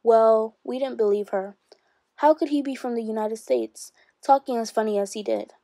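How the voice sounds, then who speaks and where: A woman teacher reading a memoir aloud to her class, steady and expressive, with rises for emphasis. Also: a little high, normal speed, dry recording.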